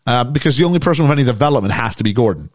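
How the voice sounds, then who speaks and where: A man's voice: mid-range voice, animated, racing, no echo, clean studio sound. A man hosting a casual podcast chat, recapping a movie in a jokey, storytelling way. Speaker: podcast host recapping a film.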